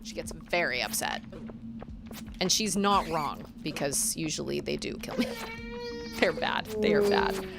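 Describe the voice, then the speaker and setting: A woman in her thirties chatting casually as she streams a video game, chatty and quick to giggle. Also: sits low, huge pitch swings, creaky. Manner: chatty, giggly, talks to chat. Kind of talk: casual gameplay chat. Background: game music.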